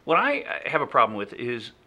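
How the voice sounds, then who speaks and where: A man co-hosting a daytime TV talk show, with a very bright, sharp tone and a middle pitch. He chats loosely in the studio, laughing and restarting sentences as he goes. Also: huge pitch swings, fairly quick. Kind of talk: casual studio chat.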